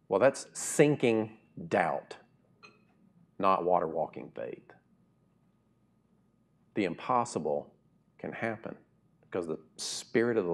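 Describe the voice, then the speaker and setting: The speaker, a middle-aged pastor, preaches in an easygoing, conversational way, his sermon swinging from low, slow asides to loud, high, emphatic bursts.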